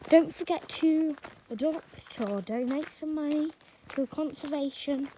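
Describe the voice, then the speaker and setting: A woman's voice: sits high, unhurried, mellow. A woman narrating a casual nature walk vlog outdoors, rambling and chatty with joking asides. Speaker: nature vlogger. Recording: noisy outdoor recording. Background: rural outdoor noise, birds.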